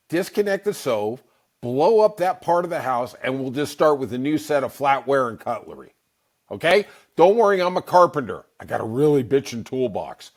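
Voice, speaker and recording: Animated, wry middle-aged male podcast host. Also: a little high. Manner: animated, rambling, wry asides. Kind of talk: casual comic storytelling monologue.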